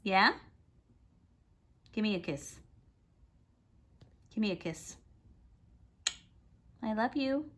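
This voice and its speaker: Bright, sing-song woman baby-talking her pet. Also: medium pitch, animated, drawn-out words, pauses often. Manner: playful sing-song scolding, coaxing baby talk. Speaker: pet owner filming her parrot. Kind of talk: doting talk to a pet. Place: home indoors, by a fireplace.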